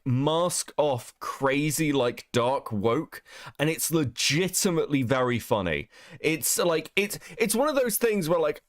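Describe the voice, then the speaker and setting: A fairly high-voiced man hosting a casual livestream, with a lively, swooping delivery. He mocks and swears freely and laughs often, heard on a dry, close sound. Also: dry recording. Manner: profane, mocking, laughs often. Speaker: streamer host.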